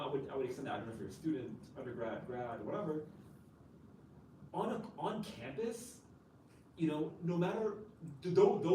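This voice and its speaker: A male chaplain speaks at a campus event, picked up from some distance in an echoing room. His voice sits at an ordinary middle pitch. He talks conversationally, dotting his answers with "right?" and "you know". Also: warm tone. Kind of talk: answering an audience question at a campus talk. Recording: roomy, distant, faint noise.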